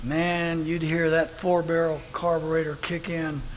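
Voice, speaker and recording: A man preaching a sermon at a church service, telling a story with lively, animated delivery that bursts into shouting. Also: on the high side, measured pace. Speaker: pastor. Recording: long hall reverb with faint noise.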